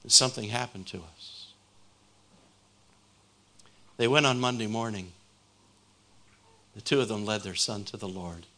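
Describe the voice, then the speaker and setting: A man's voice: on the low side, fairly even intonation, normal speed, bright, forceful tone. A man preaching a sermon, retelling a conversion story and building to a fervent appeal.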